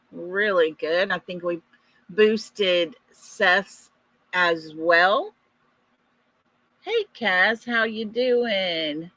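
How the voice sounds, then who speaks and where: A woman, hosting a casual live stream and chatting warmly with viewers by name. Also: fairly low pitch, no room sound. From East Texas.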